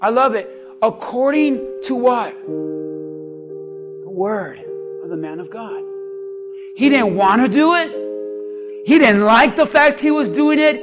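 Male pastor, very high voice, unhurried, sermon with soft music behind. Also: lively intonation. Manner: swings from hushed asides to laughing shouts, acts out quotes.

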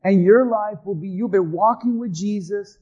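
Man, pastor, sermon, very high voice, shouts then hushes. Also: normal speed, husky, lo-fi sound. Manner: animated, swings from shouting to hushed.

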